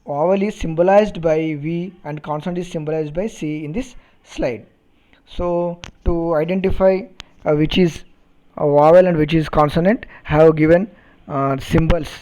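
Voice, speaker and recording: A man teaching a phonetics lesson, repeating words and spelling them out deliberately, and checking understanding with questions. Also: fairly high pitch, fairly even intonation, mellow, rough recording. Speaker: English teacher. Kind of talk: recorded phonetics lecture.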